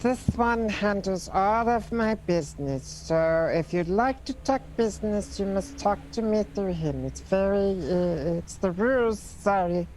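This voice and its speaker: A woman's voice: mid-range voice, lively intonation, a little slow, few pauses, darkish tone, a little hiss or hum, natural voice, poor audio. A woman voicing a small girl who speaks with an odd put-on accent in a formal, evasive manner.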